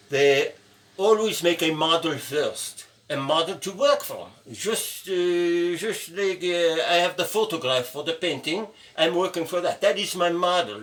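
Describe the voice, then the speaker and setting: A man's voice: on the high side, fairly bright tone. A man in his seventies teaching a casual stone-carving lesson in his studio, playful and chatty, often adding "no?" to his sentences. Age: 70s. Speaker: sculptor teaching a carving course.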